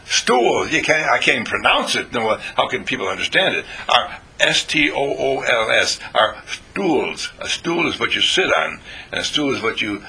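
A man's voice: lowish voice, sharp tone, slightly rough. An older man giving a folksy, meandering spiritual talk to a small group, playful and chatty.

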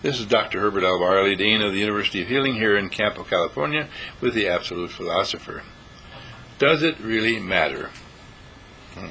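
A man delivers a spiritual monologue as the host of a talk show. His voice sits low but comes across bright and forceful. He lectures with one rhetorical question after another. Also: quick pace, slight background noise, poor audio. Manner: preachy, rhetorical questions, voices imagined listeners. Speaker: radio talk host and dean of a healing school.

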